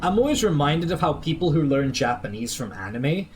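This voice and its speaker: A man's voice: a little high, big pitch swings, brisk, music in the background. A man streaming a video game, chatting casually and reading chat and in-game documents aloud, with a mostly American accent that drifts toward British. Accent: American, slipping toward British. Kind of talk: casual gameplay livestream chat.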